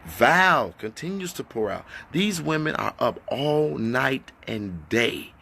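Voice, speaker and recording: Man, gravelly voice, impassioned livestream talk, rhetorical questions, echoey indoor room. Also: mid-range voice, big pitch swings, slow pace. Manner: fiery, rhetorical questions, then hushed. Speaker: activist addressing followers.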